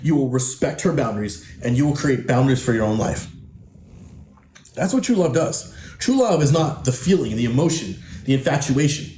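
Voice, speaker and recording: A man's voice: mid-range voice, expressive, normal speed, warm tone. Blunt, swearing male coach on a podcast, echoey room with faint hiss. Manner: blunt, profane, emphatic, preachy. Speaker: podcast host and men's coach. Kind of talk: podcast monologue.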